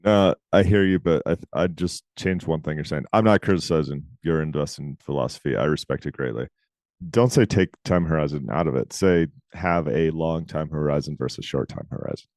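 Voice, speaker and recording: Male co-host, deep voice, emphatic casual delivery, dry recording. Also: a little mellow, no room sound. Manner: talkative, emphatic, quick asides. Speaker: podcast co-host. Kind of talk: casual chat.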